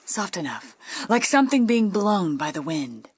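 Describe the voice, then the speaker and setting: A woman reading a ghost story aloud, playful and dipping into hushed whispers. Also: lowish voice, very animated, moderate pace, husky, dry recording, studio quality. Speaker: guest storyteller.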